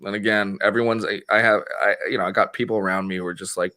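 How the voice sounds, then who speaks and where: A podcast host telling a long story to his co-host. He rambles and restarts, curses freely and breaks into laughter. His voice has a bright, forceful edge. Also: on the low side, steady tone, fast. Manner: rambling, profane, laughs often. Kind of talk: casual chat, telling a story.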